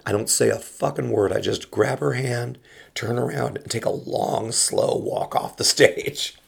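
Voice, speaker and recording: A man, a comedian, telling an animated anecdote and restarting his sentences often. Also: medium pitch, moderate pace, creaky, husky. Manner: acts out quoted voices, restarts often.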